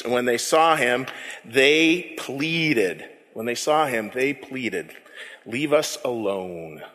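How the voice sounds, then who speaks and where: A man preaching a sermon, animated and repeating words as he builds his point. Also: on the high side, big-room sound. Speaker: pastor.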